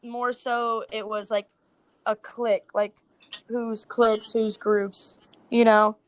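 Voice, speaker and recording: A woman's voice: a little high, flat delivery, slow. A woman, a social media creator, chatting casually as a podcast guest, filling her talk with "like". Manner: chatty, heavy use of "like".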